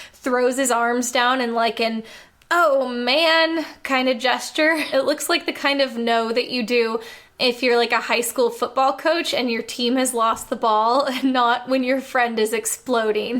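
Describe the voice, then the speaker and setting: A woman with a notably high voice picks apart a movie point by point. Her delivery is wry and sarcastic, loose and chatty, peppered with "like." It sounds like a casual countdown critique video. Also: a bit bright. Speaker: film critic.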